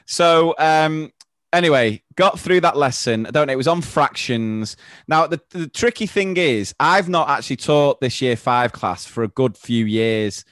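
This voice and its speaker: A man's voice: a little high, animated, unhurried, fairly bright tone, no room sound, clean studio sound. A man who teaches primary school, hosting a podcast and chatting casually with anecdotes and frequent laughter.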